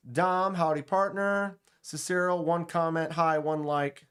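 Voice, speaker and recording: Slow-talking man hosting a live stream. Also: a little high, steady tone, fairly bright tone, clear, resonant tone. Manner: reads viewer comments aloud, mutters while clicking through tabs. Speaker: live stream host running a giveaway. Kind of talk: casual live stream chat.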